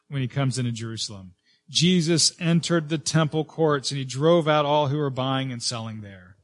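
A man preaching a sermon as pastor, earnest, with frequent fillers and restarts, rising and slowing to stress key words. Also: on the high side, a bit bright.

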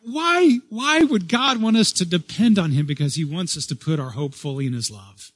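A man's voice: high-pitched, lively intonation, moderate pace, dry recording. Emphatic preaching pastor, man. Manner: emphatic preaching, swelling louder on key phrases then dropping soft; repeats and restarts phrases as he speaks. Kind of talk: sermon.

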